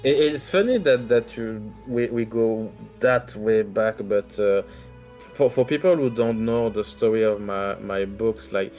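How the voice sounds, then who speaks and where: A man's voice: fairly low pitch, unhurried, a little mellow, faint music behind. A man speaking English with a French accent as a non-native speaker, a guest author in a casual chat, teasing and laughing often, often restarting his words.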